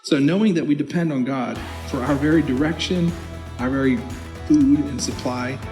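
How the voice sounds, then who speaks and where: Pastor preaching in a reverberant church hall. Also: male voice, medium pitch, normal speed, music in the background. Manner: animated preaching with short laughs; reads scripture aloud in old-fashioned wording. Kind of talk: sermon. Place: church sanctuary.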